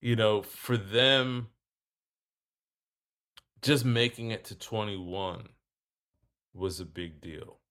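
A man's voice: lowish voice, drawn-out words, long pauses. A man telling a story in casual talk, acting out both sides of a conversation. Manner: animated, acts out both sides of dialogue.

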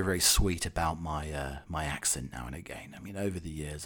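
A man's voice: low-pitched, quick pace, few pauses, faint music behind. A Scottish man hosting a podcast, rambling through a jokey, musing comic monologue. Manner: jokey, musing, drifts between tangents. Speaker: podcast host.

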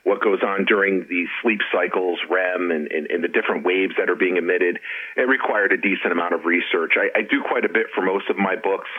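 A middle-aged man, an author and interview guest, talking in a relaxed, chatty way. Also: deep voice, fairly quick. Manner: relaxed, chatty, with frequent restarts and laughs. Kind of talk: casual interview chat. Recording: tinny phone line.

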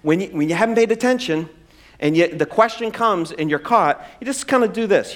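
Animated, high-voiced man preaching. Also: brisk. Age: 40s. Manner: humorous, conversational preaching with self-deprecating asides. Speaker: pastor. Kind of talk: sermon.

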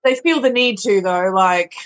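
A woman's voice: mid-range voice, moderate pace, dull audio. A woman, a bartender chatting casually on a podcast, full of "like" fillers and swearing. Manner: swears freely, frequent "like" fillers. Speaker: bartender guest.

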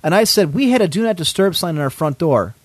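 A man's voice: high voice, lively intonation, fast talker, no room sound. A man hosting a podcast, telling a story in a casual, indignant way, swearing often. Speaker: podcast host.

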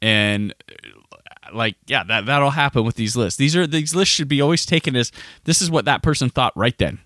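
Lively bright-voiced podcast host. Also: male voice, moderate pace, no echo, clean studio sound. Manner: rambling, restarts, lively pitch. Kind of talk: casual podcast chat.

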